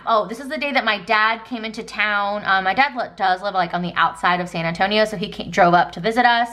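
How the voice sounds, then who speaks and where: A woman's voice: a little high, pushed and bright. A woman in her thirties from Texas, chatting casually through a planner flip-through with lots of ums and likes. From Texas, United States. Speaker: planner vlogger.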